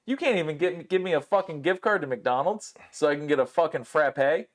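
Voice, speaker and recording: Male podcast host, casual, animated, swears a lot, acts out quotes. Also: on the high side, brisk, hardly any pauses. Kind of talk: casual storytelling chat.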